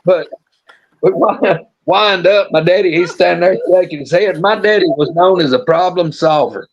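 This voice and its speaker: The muffled, lo-fi audio of a live-show stream captures a man casually telling a folksy yarn. His voice is high and his speed normal, and he drawls while restarting his sentences.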